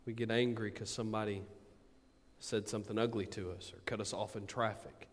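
A man preaching a sermon, swinging from booming emphasis to quiet asides. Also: fairly even intonation, fairly quick. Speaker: pastor. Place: church sanctuary. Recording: long hall reverb.

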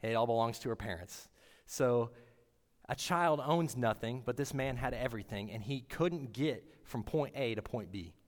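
A man giving a sermon in an earnest, halting way, often restarting his words. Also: mid-range voice, in a large hall. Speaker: preacher.

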